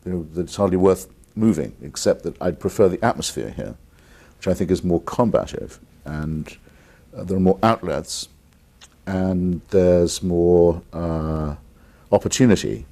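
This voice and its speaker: An English man, an author who is the guest on a call-in television interview, speaking deliberately and articulately with blunt opinions. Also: sits low, mellow. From England.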